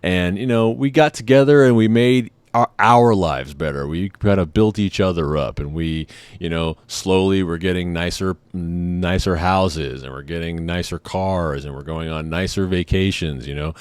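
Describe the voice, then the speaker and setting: A man's voice: low voice, normal speed, few pauses, smooth, no room sound. A man telling personal stories in a laid-back, rambling way, often saying "man" and "I mean". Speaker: vlogger. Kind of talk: casual storytelling.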